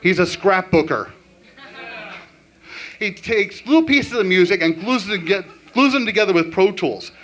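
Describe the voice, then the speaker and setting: A man performing a stand-up comedy set with an animated, punchline-driven delivery. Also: high voice, moderate pace, long pauses.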